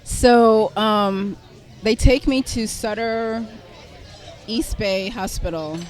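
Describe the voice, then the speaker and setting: A middle-aged woman telling a personal story as a podcast guest, animated and self-deprecating, laughing often as she talks. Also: on the high side, takes it slowly, a faint crowd. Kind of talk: conversational storytelling.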